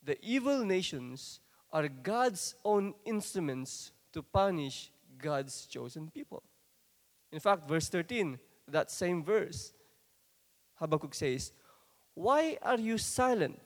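A high-pitched man preaches a sermon at a slow, deliberate pace. His delivery is dramatic and sometimes swells into forceful bursts. The sound carries the long reverb of a large hall. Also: expressive. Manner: dramatic, rising to forceful outbursts when quoting scripture.

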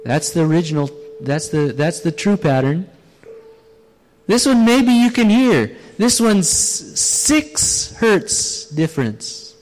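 A man's voice: fairly high pitch, big pitch swings, slow pace, darkish tone. A man preaching a sermon, illustrating his points with demonstrations and putting questions to the audience. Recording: long reverb of a large hall.

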